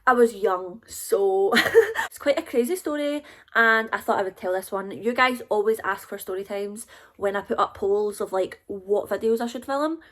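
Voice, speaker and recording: A woman's voice: medium pitch, animated, moderate pace. A young woman with a Scottish accent telling a casual storytime to her viewers, chatty and confiding. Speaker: YouTuber.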